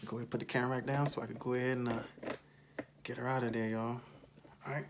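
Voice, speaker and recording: A man, excitedly chatting through an unboxing video while slightly out of breath. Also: mid-range voice, fast talker, noisy background. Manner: excitable, chatty, says "man" and "y'all" a lot. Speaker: RC car channel host. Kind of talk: casual unboxing vlog.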